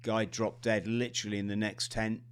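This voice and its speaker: A middle-aged man hosting a podcast, chatting casually in a halting, animated way with laughs between phrases. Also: lowish voice, clear, resonant tone. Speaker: podcast host. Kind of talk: casual interview chat.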